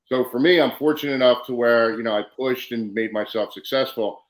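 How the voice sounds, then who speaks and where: A man's voice: medium pitch, fairly quick, reverberant, poor audio. A man hosting a casual podcast interview, telling stories animatedly and acting out the exchanges he quotes. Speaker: podcast host, former wrestler.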